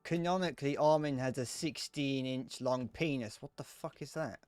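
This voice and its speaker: A man's voice: medium pitch, normal speed, darkish tone, smooth, dry recording, faint music behind. A man in his twenties chatting casually to viewers while playing a game live, joking and swearing as he goes. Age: 20s. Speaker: streamer.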